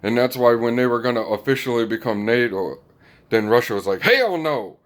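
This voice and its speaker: A man's voice: mid-range voice, steady tone, a little fast. Rambling, chuckling man's casual monologue. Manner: rambling, chuckling, many fillers. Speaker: commentator.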